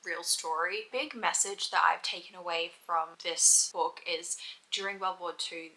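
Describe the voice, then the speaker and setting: Young woman rambling about books at home, bright voice, lots of "like"s. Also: lowish voice, measured pace, low-quality recording. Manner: rambling, emotional, many "like" fillers. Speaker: book vlogger. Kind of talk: casual reading vlog chat.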